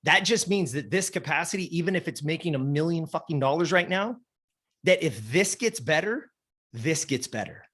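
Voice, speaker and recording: Blunt, profane man with a husky voice. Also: on the high side, expressive, normal speed, a bit bright. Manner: blunt, profane, preachy, fired up. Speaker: podcast guest. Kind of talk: casual motivational talk.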